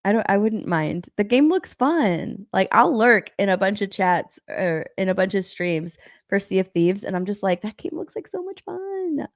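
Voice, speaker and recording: A woman's voice: mid-range voice, normal speed, dry recording, studio quality. A young woman chatting casually on a live stream, rambling and repeating herself, swearing and laughing. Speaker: stream co-host.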